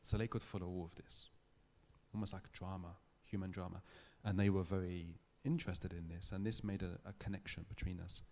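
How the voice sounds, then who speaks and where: A man giving a public lecture, telling a story in a thoughtful, measured way with small restarts. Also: sits low, fairly even intonation, dark tone. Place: lecture hall.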